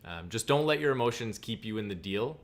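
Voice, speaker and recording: A man's voice: on the low side, animated, a little fast. A man co-hosting a casual livestream chat, plain-spoken with sarcastic asides. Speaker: co-host.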